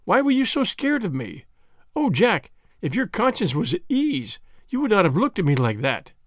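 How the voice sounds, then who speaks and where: A man's voice: sits high, very animated, fast, no echo, studio quality. A man voicing an anxious, pleading nineteen-year-old woman in an audiobook reading, speaking emotionally and imploringly. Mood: alarmed.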